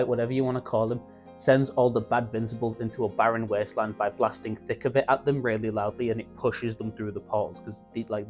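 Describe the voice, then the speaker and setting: A young man excitedly recapping a show in casual slang, acting out the characters' lines as he goes. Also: medium pitch. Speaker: YouTube reviewer.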